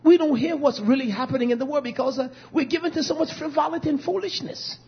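A man preaching a fiery sermon, swinging from shouting to low murmuring, with repetitive, stumbling restarts. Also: quick pace. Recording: dull lo-fi recording.

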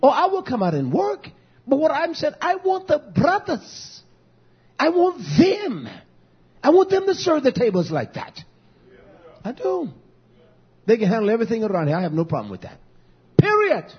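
A man preaching as a pastor, lively and storytelling, acting out conversations with people from his congregation. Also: very high-pitched, normal speed, pauses often. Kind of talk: sermon. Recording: dull lo-fi recording.

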